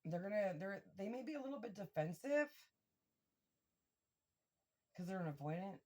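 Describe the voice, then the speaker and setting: A woman giving a casual tarot reading to her viewers, excitable and swearing freely as she talks directly to them. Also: medium pitch, moderate pace. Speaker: tarot reader.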